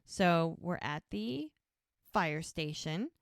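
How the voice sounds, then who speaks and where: A woman's voice: on the low side, animated, slow, creaky, no echo, studio quality. A woman co-hosting a podcast, casually retelling scenes and quoting the characters as she goes. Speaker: podcast co-host. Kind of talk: casual recap chat.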